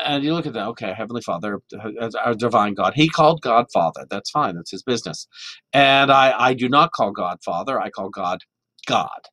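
A man giving a sermon in a church, animated and chatty, restarting often and slipping into playful quoted voices. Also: mid-range voice, dry recording. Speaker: minister. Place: church sanctuary. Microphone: microphone.

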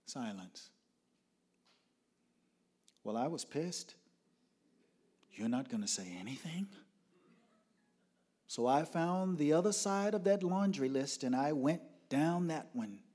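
A man telling a personal story dramatically, moving from loud outbursts to hushed whispers. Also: fairly high pitch, expressive, takes it slowly, pauses often.

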